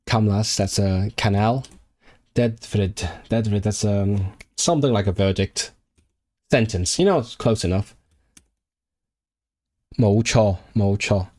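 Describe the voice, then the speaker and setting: A man's voice: fairly low pitch, takes it slowly, pauses often, a little mellow. A man from Hong Kong chatting casually on a live stream while he works through language flashcards, thinking aloud with lots of fillers and restarts. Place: indoors at his computer.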